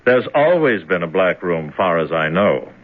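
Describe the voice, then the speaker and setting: Mister Z, a calm sinister overseer. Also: male voice, sits low. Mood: detached. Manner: quiet, detached, unhurried. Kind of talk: 1970s radio drama acting. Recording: tinny old radio broadcast.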